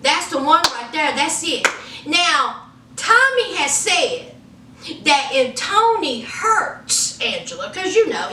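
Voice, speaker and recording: High, bright sassy woman vlogger. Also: slight background noise. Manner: animated, slangy, laughing asides. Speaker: reality TV recap vlogger. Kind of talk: sassy casual commentary. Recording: roomy, mic at a distance.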